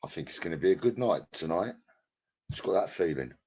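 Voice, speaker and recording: Gravelly low-voiced man streaming. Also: lively intonation, fairly quick, darkish tone. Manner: rambling, crude and profane, banters with chat by name. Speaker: live-streamer chatting with viewers. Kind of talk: casual live-stream chat. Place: at home in his flat. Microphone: headset. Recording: lo-fi, dull sound.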